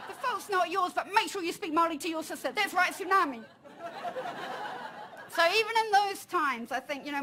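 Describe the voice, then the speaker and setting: A woman with a New Zealand accent, in her thirties or forties, telling a personal story at a conference, lively and laughing, with Māori phrases mixed in. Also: sits high, slight background noise. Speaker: panel speaker. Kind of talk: storytelling talk. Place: conference room.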